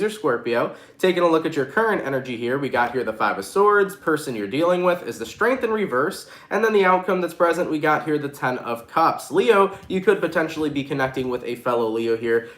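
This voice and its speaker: A man's voice: fairly high pitch, a bit bright, reverberant. A man with a stuffy, congested nasal voice, giving a casual, slangy tarot reading straight to his viewers. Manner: hyped, slangy, addresses viewers directly. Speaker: tarot reader.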